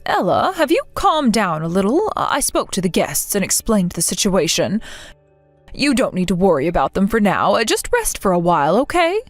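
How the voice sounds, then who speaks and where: A woman voicing a gentle, resilient middle-aged mother who speaks soothingly and reassuringly, in a dramatized text story. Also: medium pitch, very animated, normal speed, faint music behind, natural voice.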